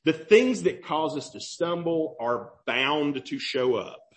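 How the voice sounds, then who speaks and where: A young adult pastor preaching a sermon in a conversational way, often checking in with "right?" and "okay?". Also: male voice, on the high side, expressive, slow pace.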